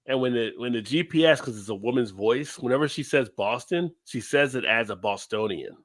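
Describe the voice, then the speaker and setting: A man with a medium-pitched voice speaks briskly as co-host of a casual chat show. He's from the Baltimore area, jokey and animated, laughing often as he kids around.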